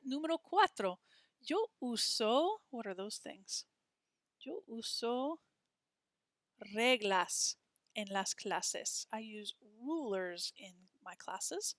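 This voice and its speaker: A woman teaching a Spanish textbook lesson, spelling words out letter by letter and saying them slowly to model pronunciation. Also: mid-range voice, fairly bright tone, no echo, studio quality.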